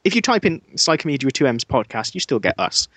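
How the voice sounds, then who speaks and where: A man's voice: mid-range voice, big pitch swings, quick pace, fairly bright tone, slightly rough, dry recording. A man with an English Midlands accent co-hosting a podcast, chatting casually with dry, self-mocking humor and plenty of ums. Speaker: podcast co-host.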